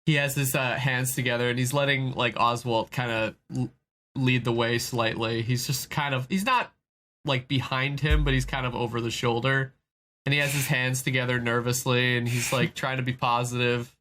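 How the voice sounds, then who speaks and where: A man's voice: medium pitch, fairly even intonation, normal speed, pushed and bright. A man playing a tabletop game, describing his character's actions in a rambling way with many fillers. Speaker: player.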